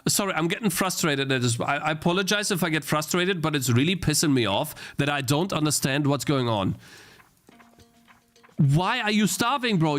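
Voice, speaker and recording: A man's voice: fairly high pitch, animated, moderate pace, fairly bright tone. A young man streaming a game he is playing, thinking aloud, restarting his sentences and getting easily frustrated. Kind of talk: live-stream gameplay commentary.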